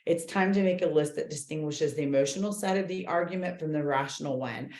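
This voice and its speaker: Woman, low voice, chatty coach, roomy echo. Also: fairly quick. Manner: animated, chatty, many fillers. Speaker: real estate coach leading a book club. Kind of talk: casual group talk, reading and commenting.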